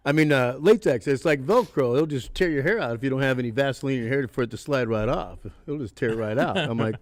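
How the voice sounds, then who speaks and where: A man in his sixties, a podcast guest spinning casual anecdotes. He swears freely and breaks into laughs mid-story. His voice sits at a middle pitch and sounds dry and close. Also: animated, fairly quick, no echo. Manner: profane, laughs through his stories. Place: haunted attraction venue.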